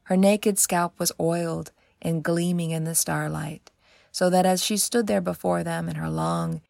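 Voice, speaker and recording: Casting: low-voiced woman narrator, measured and expressive, gravelly texture, soft music behind. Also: dry recording. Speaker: author and narrator. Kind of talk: storybook narration.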